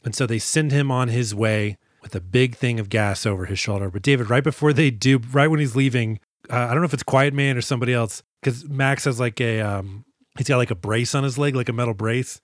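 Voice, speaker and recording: A man's voice: medium pitch, a little fast, no room sound, studio quality. A man co-hosting a movie podcast, recapping scenes in a casual, profane, wry way with mocking asides. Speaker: podcast co-host.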